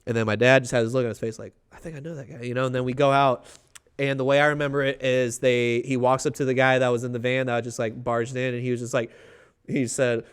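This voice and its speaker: A man's voice: medium pitch, little pitch movement, quick pace, clear, resonant tone. A young adult man, a comedian guest on a podcast, telling rambling stories and acting out other people's voices. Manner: rambling storyteller, acts out voices with lots of fillers. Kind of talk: casual interview chat.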